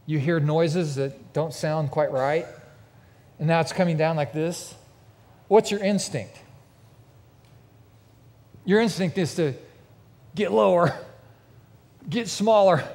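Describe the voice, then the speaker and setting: A pastor preaches a sermon in a large church with a mezzanine, telling his congregation a vivid, emphatic story. His voice is fairly high-pitched with a darkish tone, and the recording carries the long reverb of a big church hall.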